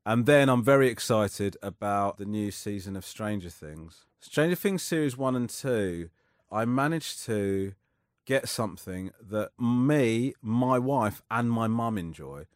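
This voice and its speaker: A man's voice: lowish voice, lively intonation, unhurried, no room sound, studio quality. A man, chatting as a comedian guest in a rambling, self-mocking way, often laughing. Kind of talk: casual interview chat.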